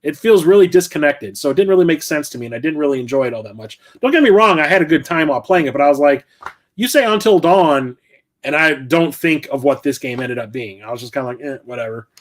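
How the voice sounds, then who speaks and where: Rambling man, higher voice. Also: expressive, fast talker. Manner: rambling, profane, self-correcting. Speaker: game collector and channel host. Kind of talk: casual vlog chat.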